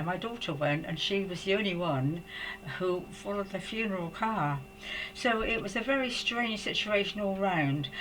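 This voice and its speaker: An older Englishwoman tells a personal story at home. She talks softly and pauses to search for words, often restarting her sentences. Her pitch sits in a middle range, with a faint hiss of noise behind her. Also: rough recording. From England. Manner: halting, hesitant, with frequent restarts. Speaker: psychic storyteller.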